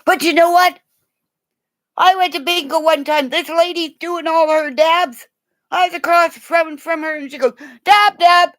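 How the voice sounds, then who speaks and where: A middle-aged woman chatting casually with her live viewers, excitable, gasping and laughing often. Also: very high voice, moderate pace. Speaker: livestream host. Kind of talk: casual live-chat stream.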